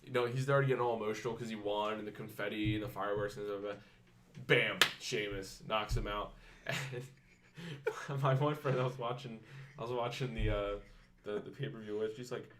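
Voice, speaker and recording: A man co-hosting a casual podcast, talking excitedly, acting out quotes and laughing often. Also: on the low side, a little fast, slight background noise. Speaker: podcast co-host. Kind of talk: casual chat.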